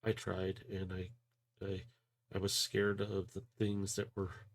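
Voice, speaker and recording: A man voicing a timid, guilt-ridden male robot who speaks quietly and falters as he apologizes. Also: deep voice, completely flat delivery, takes it slowly, no echo, full character voice. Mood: ashamed.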